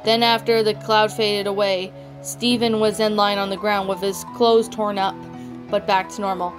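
A woman's voice: mid-range voice, little pitch movement, moderate pace. A woman reading a fan fiction story aloud, often stumbling and restarting words. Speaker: story narrator. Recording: background music throughout.

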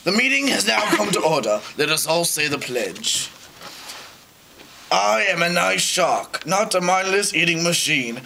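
Guy doing a big aussie shark, preachy and chummy, swoopy high voice, hissy home tape. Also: sing-song, measured pace, gravelly, full character voice. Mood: solemn. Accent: put-on Australian. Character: hearty male shark leading a support group. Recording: hissy home video recording.

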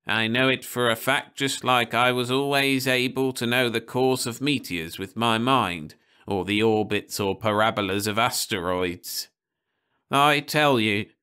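A very old, sad man, as a male reader puts him on, speaking slowly in a worn, mournful way. The sound is bright and clean, the words unhurried. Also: mid-range voice, clean tone, voice pushed up. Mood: insistent.

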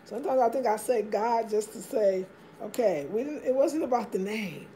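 A woman's voice: a little high, lively intonation, moderate pace, dark tone, slight background noise. A woman hosting a casual livestream from home, chatting upbeat and greeting viewers by name as she reads their comments. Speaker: livestream host.

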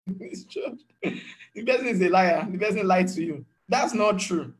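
A man preaches in a fairly high voice. He speaks as a pastor teaching his congregation, in an earnest tone. He often acts out what others said to him. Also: animated, measured pace. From Nigeria. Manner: earnest teaching tone, slips into acted quotes. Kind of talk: sermon.

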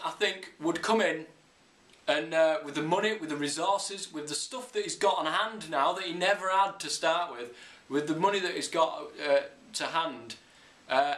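A young English football vlogger delivers a casual ranting monologue about football, blunt, sweary and opinionated. His voice is on the high side with a fairly bright tone, and the room sounds echoey.

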